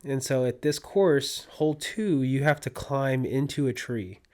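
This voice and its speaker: A young man from California, a guest on a podcast, telling a story in a casual, animated way and acting out his own quotes. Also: mid-range voice, measured pace. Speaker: podcast guest, disc golfer.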